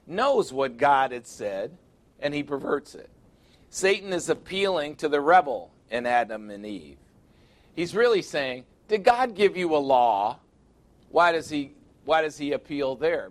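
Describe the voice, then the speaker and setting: A middle-aged male pastor delivering a sermon in a somewhat high voice. He reads scripture aloud and drives his points home with emphatic rhetorical questions. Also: fairly bright tone.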